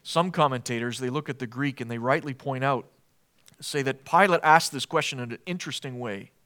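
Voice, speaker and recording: A man's voice: medium pitch, brisk, sharp tone. A man preaching an expository sermon in an earnest, emphatic way, posing rhetorical questions to his listeners.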